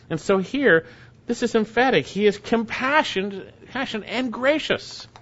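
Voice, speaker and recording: Guy preaching a sermon, kinda high voice, earnest and emphatic, muffled lo-fi audio. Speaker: pastor.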